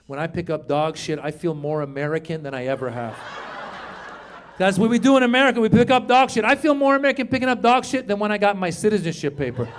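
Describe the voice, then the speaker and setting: A middle-aged man from Iran doing stand-up comedy on stage, animated and shouting his punchlines while acting out the people in his stories. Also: high-pitched, fast, a little hiss or hum. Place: comedy stage before a live audience.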